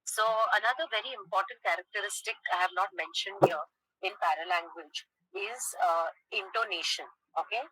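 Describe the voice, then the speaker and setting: A woman teacher lecturing a class, checking in with "okay?" and pausing on "uh". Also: mid-range voice, bright, forceful tone, slightly rough, no echo, poor audio. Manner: explains with frequent "okay?" check-ins and "uh" pauses.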